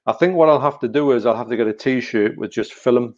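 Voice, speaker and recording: A man's voice: medium pitch, a little fast. Brief: Newcastle-accented man, casual live-stream co-host, rambling self-mocking talker, muffled lo-fi call sound. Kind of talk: casual chat on a video call. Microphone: video call. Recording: dull lo-fi call audio.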